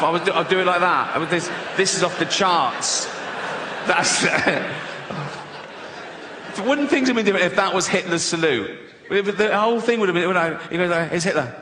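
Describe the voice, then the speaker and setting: A man's voice: a little high, long reverb tail, very noisy. A man, a comedian, telling comic stories, swearing freely and laughing at his own jokes. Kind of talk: stand-up style comic storytelling.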